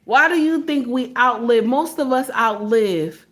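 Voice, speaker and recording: A woman delivers a preachy commentary monologue in a high voice. She hammers her points with rhetorical questions and talks to her audience as her sisters, like a sermon. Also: a little slow, fairly bright tone. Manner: addresses listeners as sisters, sermon-like. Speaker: online commentator.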